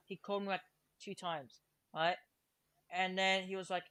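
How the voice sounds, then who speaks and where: A teenage Australian streamer rambling through a story in casual voice-chat talk, full of fillers. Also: male voice, high voice, monotone, fast talker, bright, forceful tone, clean tone, no room sound. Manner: rambling retelling, filler-heavy. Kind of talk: casual chat over voice call.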